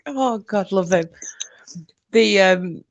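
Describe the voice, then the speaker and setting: A woman's voice: medium pitch, slow pace, vocal fry, dry recording, dull audio. A woman hosting a livestream in casual chat, rambling and often breaking into giggles. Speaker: livestream host.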